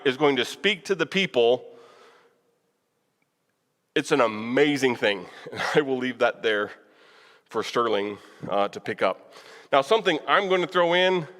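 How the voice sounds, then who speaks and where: With a slightly high, somewhat bright voice, this man leads Bible class teaching in a church hall. He preaches conversationally and casually, putting questions to the room and occasionally chuckling, all under a long church reverb.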